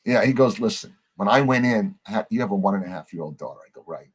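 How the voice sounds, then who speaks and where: A middle-aged man, a podcast guest, telling a story in a lively way, acting out the lines of the people in it and swearing casually. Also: lowish voice, quick pace, breathy edge. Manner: animated storyteller, acts out quoted dialogue, swears casually.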